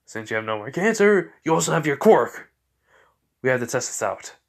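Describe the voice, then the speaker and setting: A man's voice: mid-range voice, very animated, moderate pace, gravelly. A man voicing a friendly middle-aged male doctor who talks in a casual, rambling way.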